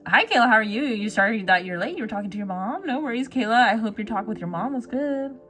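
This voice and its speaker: A woman hosting a relaxed art livestream, reading viewers' messages aloud and answering them with frequent giggles. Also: a little high, fast talker, faint music behind. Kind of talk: casual chat with viewers.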